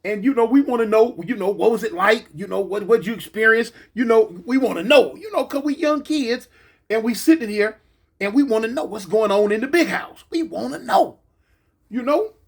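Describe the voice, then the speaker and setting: A middle-aged man from California casually telling a story about his past, lively and full of fillers and repeated words. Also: very high voice, normal speed, gravelly, breathy edge. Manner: animated, acts out the voices of others in the story, many fillers and repeats. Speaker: former gang member telling prison stories.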